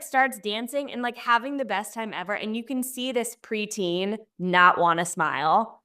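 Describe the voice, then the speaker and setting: A young adult woman hosting a podcast, chatting casually and telling stories with lively voiced quotes. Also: mid-range voice, normal speed. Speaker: podcast host. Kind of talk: casual interview chat.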